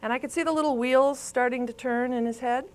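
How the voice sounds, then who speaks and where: A woman's voice: sits high, steady tone, a little fast, a little mellow, a little hiss or hum. A woman in her fifties, a speech therapist giving a live continuing-education lecture, telling stories and quizzing her audience. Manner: chatty, storytelling, quizzes the audience. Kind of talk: live lecture to a room and online viewers.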